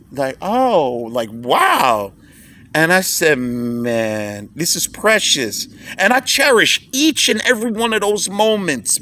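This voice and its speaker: Animated, emotional man with a bright voice. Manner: emotional, rambling, repeats words and says "man" often; swings between loud excited bursts and quiet low asides. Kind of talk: casual personal monologue.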